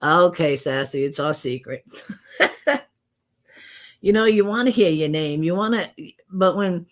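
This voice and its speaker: A woman's voice: fairly low pitch, normal speed, long pauses. A middle-aged woman chatting casually on her livestream, greeting viewers from chat and talking with frequent restarts. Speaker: livestream host. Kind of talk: casual live-stream chat.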